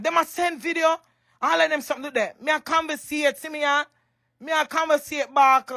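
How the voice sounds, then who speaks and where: This social media personality, a Jamaican woman, speaks in a high, bright, forceful voice at a slightly quick pace. She is crying as she rants emotionally on a livestream, repeating herself with emphasis and occasionally getting louder.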